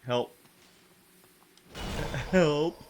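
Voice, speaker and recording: A man streaming a video game, chatting casually in a rambling, excitable way with sudden jumps in pitch and frequent laughter. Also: extremely slow, background noise. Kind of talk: casual chat while playing a game.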